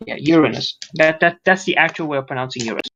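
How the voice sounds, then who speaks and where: A man's voice: fairly high pitch, racing, bright, forceful tone, highs cut off. Sarcastic, rambling young-sounding man. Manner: rambling, sarcastic, swears casually. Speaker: podcast co-host. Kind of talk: casual chat.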